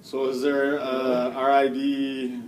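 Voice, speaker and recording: A man in the audience asking a halting question at a convention panel. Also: mid-range voice, completely flat delivery, a little hiss or hum. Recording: echoey hall, distant mic.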